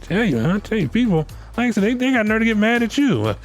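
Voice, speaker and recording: A man's voice: high voice, very animated, fast. A man riffs in a loose, comedic rant, blunt and heavy on cussing. He keeps breaking into voices for the people he quotes. Faint music plays under him. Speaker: podcast host.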